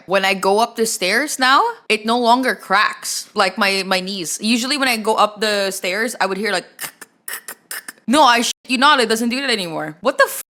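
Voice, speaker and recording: A woman's voice: fairly high pitch, moderate pace, sharp tone. A young woman from the Philippines chatting casually as a streamer while reacting to a video, rambling and swearing with lots of restarts.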